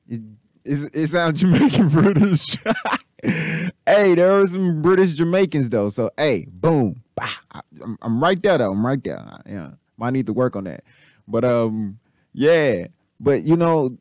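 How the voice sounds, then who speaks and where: A man hosting casual commentary, rambling and repetitive, animated and swearing freely. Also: mid-range voice, no room sound, clean studio sound. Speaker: channel host.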